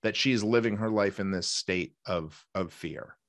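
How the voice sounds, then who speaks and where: A man's voice: low-pitched, measured pace, a bit bright, dry recording, studio quality. A man hosting a podcast, talking in a conversational, emphatic way with rambling asides. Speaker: podcast host. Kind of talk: casual interview chat.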